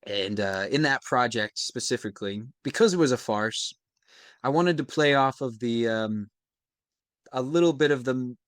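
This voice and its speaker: A man's voice: mid-range voice, normal speed, dry recording, clean studio sound. A young American man, an actor, talking through his work in a casual interview, reflective and searching for words. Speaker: actor guest.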